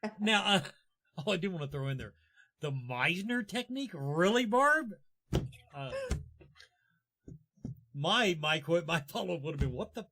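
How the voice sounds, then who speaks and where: A man's voice: sits high, big pitch swings, unhurried, pauses often, noisy background. A man hosting an interview show, asking long rambling questions that keep restarting. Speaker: talk show host. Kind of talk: casual interview.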